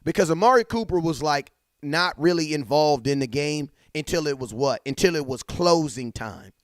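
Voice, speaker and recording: A man's voice: fairly high pitch, animated, normal speed, no room sound, studio quality. Hyped slangy young man streaming fan talk. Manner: hyped, slangy, talks straight to chat with shout-outs. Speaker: livestream sports talk host. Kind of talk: casual fan livestream chat. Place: home setup at a computer.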